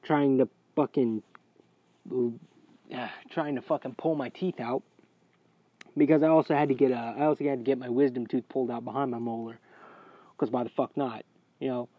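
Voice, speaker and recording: A man's voice: mid-range voice, no echo. A man telling a rambling personal story in a casual, profane way that gets heated. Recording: dry, dull lo-fi recording.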